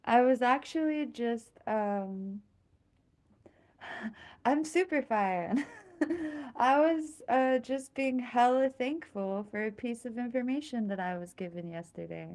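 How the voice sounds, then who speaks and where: A young woman hosts a live stream in a relaxed, rambling way. She speaks slowly in a slightly high voice, giggles often and pokes fun at herself. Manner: giggly, self-mocking, rambling. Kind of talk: casual live-stream chat.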